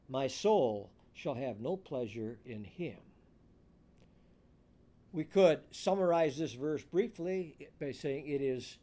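Male pastor, higher voice, measured and emphatic sermon delivery. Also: dark tone. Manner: slow, deliberate preaching with emphatic scripture reading.

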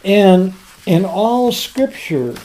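A preacher delivering a sermon in a very lively, rising-and-falling voice. He throws out rhetorical questions and answers them himself. On tender words he slows down and goes soft and quiet. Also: sits high.

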